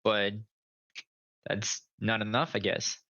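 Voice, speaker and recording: A male player in a tabletop game talks hesitantly and stammers while he plans his character's moves. His voice is bright and edgy. It comes through a dull, lo-fi mic. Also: lowish voice, steady tone, slow.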